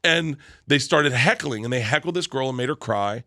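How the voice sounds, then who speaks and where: A man's voice: medium pitch, lively intonation, moderate pace, sharp tone, no echo. A man in his forties from Florida, telling stories as a comedian guest in a casual interview, acting out quotes and laughing.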